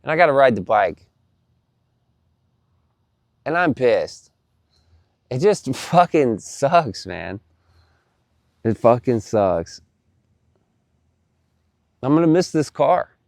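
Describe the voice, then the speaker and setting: A man casually telling a story to the camera, animated and profane, often repeating himself. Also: medium pitch, slow, vocal fry, long pauses, no echo, clean studio sound.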